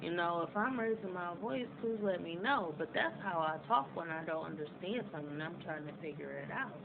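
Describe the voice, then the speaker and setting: A woman talks straight into her phone, venting in a fairly low voice. She gets loud and tense when something frustrates her. Steady outdoor noise sits clearly behind her. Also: a little fast, phone-quality sound. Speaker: vlogger. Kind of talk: casual vlog to camera.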